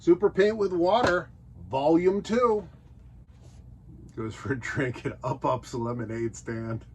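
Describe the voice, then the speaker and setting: A man's voice: fairly high pitch, slow, a little mellow, slight background noise. A man hosting a nostalgia show, joking his way through old children's books and sometimes putting on silly voices. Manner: jokey, puts on silly character voices. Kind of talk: casual comedic commentary.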